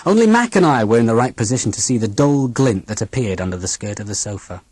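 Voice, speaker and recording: Expressive, slightly breathy audiobook narrator. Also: medium pitch, quick pace, dry recording. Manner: dramatic, expressive reading. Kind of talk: first-person storybook narration.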